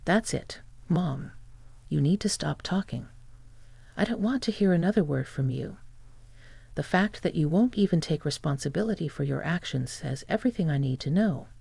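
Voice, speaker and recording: A woman's voice: sits low, lively intonation, normal speed, creaky, dark tone, husky, dry recording, heavily acted. A woman voicing a furious grown son who scolds his mother in a stern voice.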